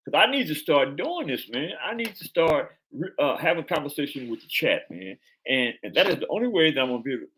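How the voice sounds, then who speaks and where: A man's voice: mid-range voice, a bit bright. A man hosting a live stream chat, talking casually in slang and stumbling over repeated words.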